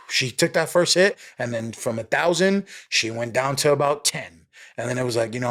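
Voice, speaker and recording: Casting: streetwise New York man, animated storyteller, casual swearing, mid-range voice. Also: mid-range voice, moderate pace. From New York City. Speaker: police officer guest.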